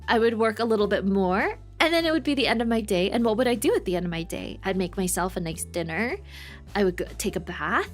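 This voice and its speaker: A woman in her twenties, a streamer and nurse, chatting casually and rambling, repeating words for emphasis. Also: mid-range voice. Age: 20s. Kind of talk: casual chat.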